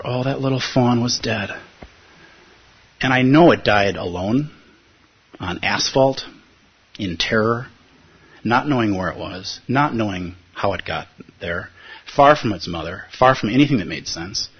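A man with a husky voice giving a reflective teaching talk, telling a personal story and often checking in with his listeners. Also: mid-range voice. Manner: thoughtful, often checks in with "right?". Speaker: meditation teacher. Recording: dull lo-fi recording.

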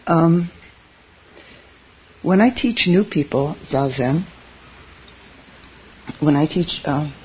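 A Zen teacher giving a relaxed, conversational dharma talk, chuckling at their own asides. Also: mid-range voice, very slow, long pauses, slightly rough, highs cut off.

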